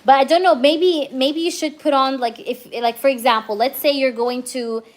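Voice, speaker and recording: A woman's voice: high voice, steady tone, moderate pace. A young woman giving a live-streamed tarot reading, chatty and reassuring, filling her talk with "um" and "okay?" checks. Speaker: tarot reader.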